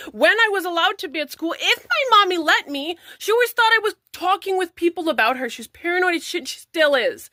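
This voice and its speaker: Tearful woman ranting, high and lively. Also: no room sound, clean studio sound. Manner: angry, profane, fast venting. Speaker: parent vlogger. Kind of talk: emotional rant to camera.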